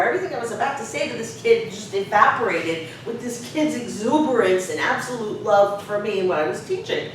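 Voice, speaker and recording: A woman's voice: animated, fairly quick, hardly any pauses. A woman who is a professor, telling a personal story in a conversational, reflective way. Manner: conversational, reflective, lots of "you know". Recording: very echoey room, distant mic, faint rumble.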